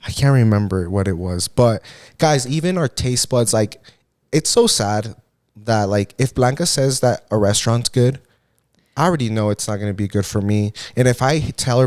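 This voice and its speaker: A man's voice: on the low side, animated, moderate pace, a little mellow, no room sound, clean studio sound. A man co-hosting a casual podcast with his wife, talking in a rambling way full of "like" and mild swearing, now and then dropping Spanish phrases. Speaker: podcast co-host. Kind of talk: casual chat.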